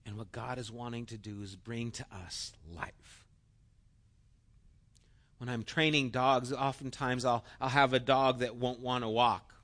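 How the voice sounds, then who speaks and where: Middle-aged male preacher, earnest storyteller, bright and forceful tone. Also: mid-range voice, fairly even intonation, unhurried. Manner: earnest storytelling, acts out quotes. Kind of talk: sermon.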